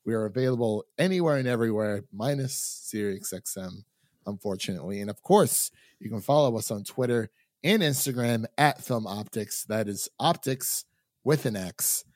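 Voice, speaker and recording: A man's voice: on the low side, expressive, normal speed, a little mellow, no room sound, clean studio sound. A man from Ohio hosting a film review podcast in casual chat, laughing often. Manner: laughs often, chatty with fillers. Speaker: podcast host.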